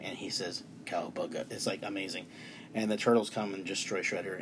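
A man's voice: lowish voice, slight background noise. A man in his thirties talking casually in his bedroom about a film he loved, enthusiastic and emotional, rambling with restarts. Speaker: movie reviewer. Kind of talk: casual movie review.

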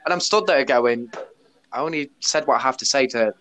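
A man's voice: mid-range voice, fairly quick, a little hiss or hum. A man hosting a podcast, telling a story in a casual, blunt way, swearing often. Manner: blunt, sweary, animated retelling with laughs. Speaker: podcast host; bar worker.

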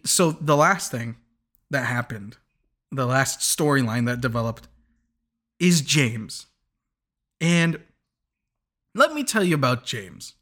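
A man's voice: medium pitch, fairly bright tone. A young man hosting a podcast, rambling through a casual recap with lots of chuckles, restarts and asides. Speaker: podcast host.

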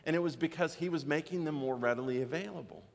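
A man's voice: a little high, quick pace, gravelly. Guy preaching in church, telling a story, cracks jokes, big hall echo. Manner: storytelling, joking asides. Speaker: pastor. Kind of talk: sermon. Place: church sanctuary.

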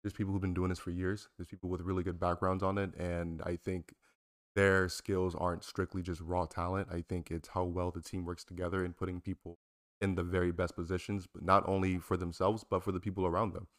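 A man with a very low voice talks casually with his friends, earnest one moment and swearing the next. He leans on fillers as he works through his points. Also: level tone, brisk, a bit bright, no room sound, studio quality. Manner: earnest, filler-heavy, swears freely when joking. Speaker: streamer and podcast co-host. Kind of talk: casual banter.

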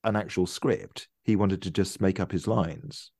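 A man in relaxed conversation, voice a touch low and recorded dry and close. He rambles a little, circling back and restarting sentences as he talks. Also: measured pace, creaky, slightly rough, dry recording. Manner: chatty, trailing off with restarts. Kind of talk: casual chat.

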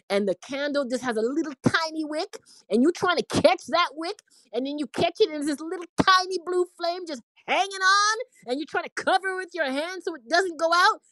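Woman, forties, high voice, earnest, preachy, emotional faith testimony, dry close sound. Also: fairly bright tone, no echo. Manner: earnest and preachy, quoting others in acted voices. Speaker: inspirational speaker.

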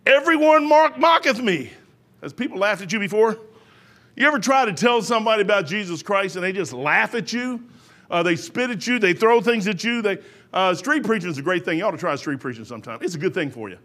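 A man's voice: sits high, animated, fast, fairly bright tone. A man preaching a sermon in a folksy, rambling way, full of restarts.

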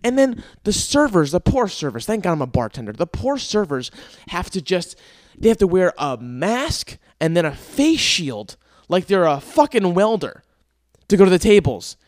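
Hosting his own podcast, a young man rants through stories in a casual comedic monologue, exasperated and profane, with sighs and laughs between bits. His voice is high, sing-song and a little mellow at a normal pace, recorded dry with studio quality.

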